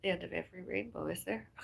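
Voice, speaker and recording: A woman's voice: on the low side, vocal fry, fairly bright tone, breathy edge. A woman chatting casually on a livestream. She rambles and muses aloud, trails off mid-thought, and sighs between ideas.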